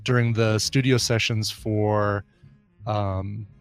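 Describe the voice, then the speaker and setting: A man's voice: fairly low pitch, flat delivery, takes it slowly, smooth, faint music behind. A man co-hosting a casual podcast, thinking aloud through quiz answers with a hesitant, musing way.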